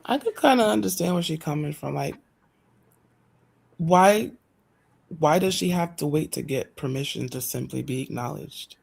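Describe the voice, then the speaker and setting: An outspoken woman co-hosting a casual panel chat, quick to tease the others. Her voice is gravelly and a little husky. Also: sits low, expressive, a little mellow. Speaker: podcast co-host.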